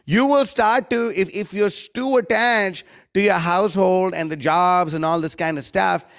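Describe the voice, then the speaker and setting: A man's voice: high-pitched, normal speed, fairly bright tone. A man giving a devotional scripture class, firing rhetorical questions, reciting Sanskrit verses and mimicking critics in a mocking tone.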